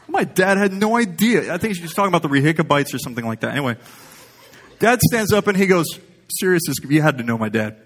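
A man's voice: fairly high pitch, animated, quick pace, fairly bright tone. A man preaching a sermon in a conversational, humorous style, wandering off into stories. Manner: conversational, humorous, rambling storyteller.

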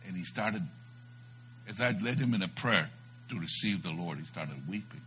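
Dramatic low-voiced male preacher. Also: lively intonation, normal speed, slight background noise, poor audio. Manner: dramatic, swings from loud to hushed. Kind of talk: sermon storytelling.

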